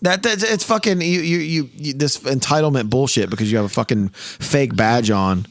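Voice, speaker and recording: A man's voice: medium pitch, moderate pace, dry recording. A man in his thirties hosting a podcast, telling stories in a profane, ranting way in casual chat. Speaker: podcast host.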